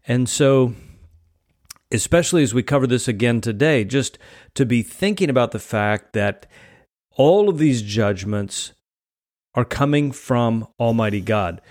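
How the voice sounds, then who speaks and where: A man's voice: mid-range voice, animated, unhurried, a little mellow, dry recording, clean studio sound. A man preaching a sermon, reading scripture aloud and explaining it earnestly, often repeating words as he goes.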